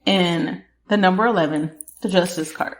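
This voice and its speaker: A woman with a fairly low voice hosts a podcast and gives a casual tarot reading, speaking straight to the listener at normal speed and laughing often. The room is echoey.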